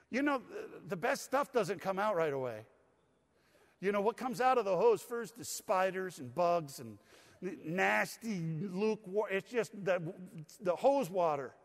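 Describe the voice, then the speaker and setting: A man's voice: high voice, in a large hall. An older man preaching a sermon to his congregation in a folksy, conversational way with touches of humor. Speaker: pastor. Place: church sanctuary.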